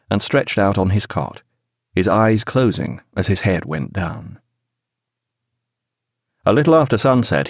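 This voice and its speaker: Measured male audiobook narrator. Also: lowish voice, darkish tone, no room sound, clean studio sound. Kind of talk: scripted narration.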